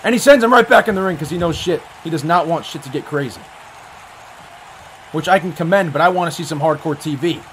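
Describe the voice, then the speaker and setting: A man giving excited, profane play-by-play commentary on a wrestling match, often breaking into yells. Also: on the high side, quick pace, slight background noise.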